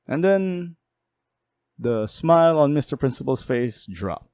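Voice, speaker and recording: A young man casually telling a personal story in a lively, jokey way, with quick asides. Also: medium pitch, dry recording, clean studio sound. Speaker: storytelling YouTuber.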